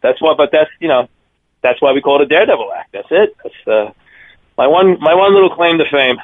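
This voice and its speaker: Energetic man with a Long Island accent over a phone line. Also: a little high, a little fast, dry recording. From Long Island, New York. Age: 50s. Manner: energetic, rambling storyteller. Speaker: circus daredevil guest. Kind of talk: phone interview.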